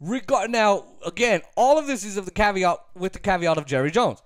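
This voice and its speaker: A man's voice: sits high, brisk, clean tone, no echo, clean studio sound. A man giving an emphatic, opinionated sports talk rant, repeating his points and laughing easily. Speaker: sports commentator.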